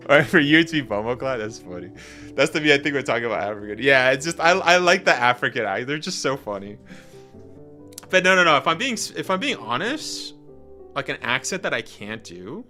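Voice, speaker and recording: A man from Canada chatting casually with his viewers on a game stream, animated and slangy, laughing often. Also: a little high, normal speed, long pauses, faint music behind. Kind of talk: casual live-stream chat.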